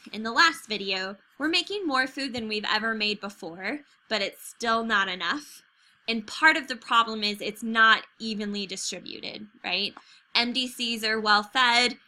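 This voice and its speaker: A woman's voice: mid-range voice, pushed and bright. An American woman teacher giving a chatty recorded video lesson over slides, checking in with "okay?" and "right?" as she goes.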